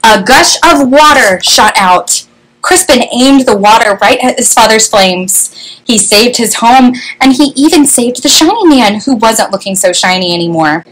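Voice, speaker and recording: A woman reading a children's story aloud with an animated, expressive delivery, recorded on a webcam. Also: fairly high pitch, a little slow, slight background noise, poor audio.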